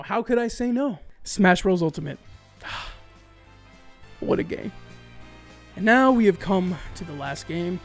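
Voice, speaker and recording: A man hosting a video, casually gushing about games with enthusiasm and happy whoops. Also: high-pitched. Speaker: video host. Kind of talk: casual game review monologue.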